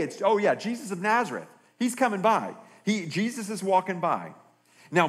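An American man preaching a sermon as pastor in a church, animated and acting out bible characters in raised voices. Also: on the high side. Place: church hall. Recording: reverberant church hall.

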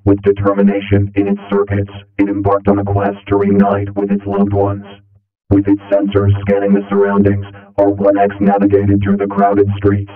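A man narrating a calm bedtime story in a slow, soothing, even manner. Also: on the low side. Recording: echoey tinny distant line, music.

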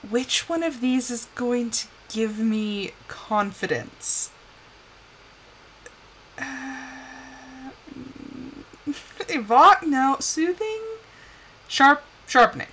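A young woman giving casual live commentary on a life-sim game, chatty and scolding her characters with bursts of excitement. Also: high voice, very slow, long pauses, slight background noise, rough recording.

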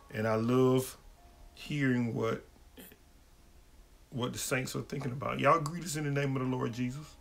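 A man's voice: mid-range voice, gravelly, fairly bright tone. A man, a pastor hosting a livestream question-and-answer session and greeting viewers by name in a folksy way. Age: adult, married.

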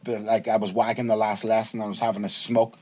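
A man's voice: fairly low pitch, fast talker. A man guesting on a casual podcast, telling school stories with lots of swearing and acted-out voices. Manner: animated storytelling, swears freely, acts out quoted voices.

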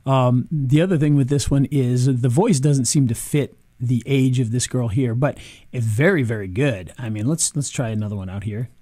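A man casually reviewing software on screen, chatty, with frequent ums and restarts. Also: mid-range voice, normal speed, dry recording. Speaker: video marketing reviewer.

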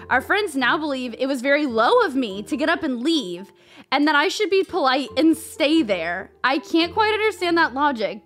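A woman's voice: high voice, fairly bright tone. A woman hosting a casual vlog, reading advice posts aloud and giving blunt, sweary verdicts, laughing often. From United States.

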